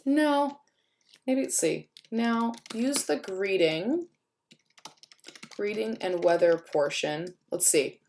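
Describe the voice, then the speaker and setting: A woman's voice: medium pitch, expressive, slow pace, pauses often, darkish tone, a little hiss or hum. A woman teacher talking through a screencast tutorial, chatty and thinking aloud as she types at her computer. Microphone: computer mic while screen recording. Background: keyboard typing.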